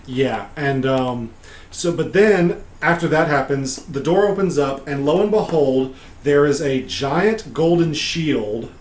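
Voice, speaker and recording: A man recapping a tabletop game session as its game master, telling the story casually with frequent pauses and fillers. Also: a little high.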